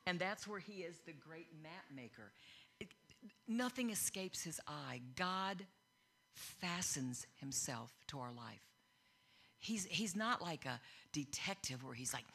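A middle-aged woman preaching a sermon, animated, acting out quoted voices and growing loud and excited. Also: on the low side, takes it slowly, slightly rough. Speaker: pastor.

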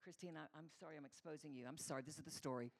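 A middle-aged woman delivers a sermon full of personal stories, slipping into the voices of the people she describes. Her voice sits low with a gravelly edge. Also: very fast. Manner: animated storyteller acting out voices. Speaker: women's Bible teacher.

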